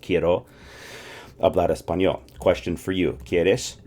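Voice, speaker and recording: Deep-voiced man teaching in a relaxed drill. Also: unhurried. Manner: animated, drills phrases and asks viewers to repeat; clears throat often. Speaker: language teacher. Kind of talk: casual spoken lesson.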